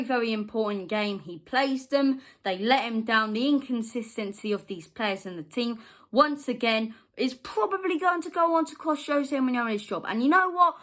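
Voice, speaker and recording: A woman hosts a football fan channel and delivers a furious post-match rant. Her voice is pitched in an ordinary middle range. She drops into low, gutted grumbling, then bursts out louder and higher, and she hammers her points home by repeating them. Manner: heated and exasperated, repeating points for emphasis; jumps from low grumbling to loud, high outbursts.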